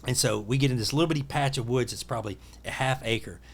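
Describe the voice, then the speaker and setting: Guy from telling a hunting story on a podcast, mid pitched, acts out the bits. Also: fast talker, vocal fry, slight background noise. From Tennessee. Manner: lively storyteller who acts out his own quotes. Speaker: podcast guest.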